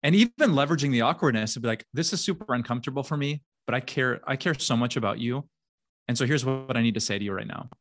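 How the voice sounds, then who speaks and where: A man's voice: mid-range voice, fast, a bit bright. A man in his forties, a pastor hosting a podcast, talking earnestly and laughing easily. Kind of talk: casual faith podcast chat.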